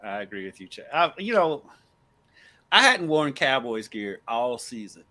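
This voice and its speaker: A man's voice: mid-range voice, measured pace. A man co-hosting a sports podcast, telling stories in casual chat and laughing often. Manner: storytelling, laughs often, lively. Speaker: podcast co-host.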